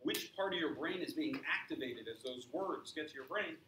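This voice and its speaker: A man's voice: fairly high pitch, lively intonation, normal speed, noisy background. A man teaching science to a class, explaining with examples and asking students questions. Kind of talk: classroom lecture. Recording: echoey classroom from far off.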